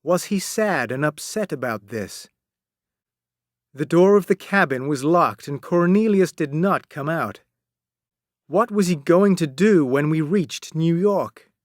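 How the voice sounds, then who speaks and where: A man narrates a storybook in a slow, deliberate reading. His voice sits a touch high and moves a lot in pitch, giving the story lively expression. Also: no room sound, studio quality. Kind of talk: storybook narration read aloud.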